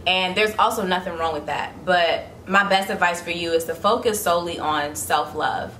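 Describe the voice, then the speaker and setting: A young woman hosts a relaxed chat with a lower, bright and forceful voice. She gives earnest, encouraging advice, heard in an echoey room with a faint hiss behind her. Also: moderate pace. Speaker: host. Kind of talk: casual chat.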